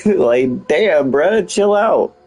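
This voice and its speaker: Game streamer, a man with a husky voice and a lively swinging pitch, crude and joking. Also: very slow, soft background music, poor audio. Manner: profane, joking, laughs often. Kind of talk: casual gameplay commentary.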